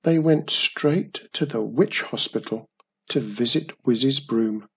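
A man narrating a children's story in a gentle, expressive way. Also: mid-range voice, takes it slowly, vocal fry, slightly rough.

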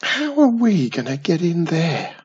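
A man's voice: a little high, big pitch swings, measured pace, a little mellow, husky, muffled recording, pitched above the performer's own voice, exaggerated voice. A man voicing a friendly, serious young boy wizard in a storybook reading. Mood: earnest. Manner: serious, earnest.

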